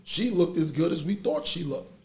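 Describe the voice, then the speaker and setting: A middle-aged man, hosting a podcast in casual chat and telling stories with animated energy. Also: on the high side, moderate pace. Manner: animated storytelling, laughs through stories. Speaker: podcast host. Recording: echoey room with faint noise.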